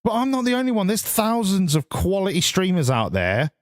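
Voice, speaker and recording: A man's voice: high-pitched, wildly swooping pitch, a little fast, no echo, clean studio sound. A man chatting casually while streaming a driving game, rambling and swearing freely. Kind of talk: casual live-stream chat.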